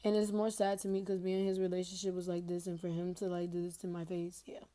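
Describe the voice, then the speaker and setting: A woman's voice: lowish voice, completely flat delivery, fast, warm tone. A young woman telling a personal story to her viewers in a rambling, slangy way, recorded on her phone. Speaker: TikTok storyteller. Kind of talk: casual storytime rant.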